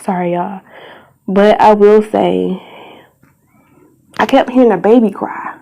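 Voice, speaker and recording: A woman's voice: mid-range voice, takes it slowly, creaky, warm tone, rough recording. A young woman vlogger giving an emotional personal testimony, earnest and pleading, tearful at times, sometimes dropping to a whisper.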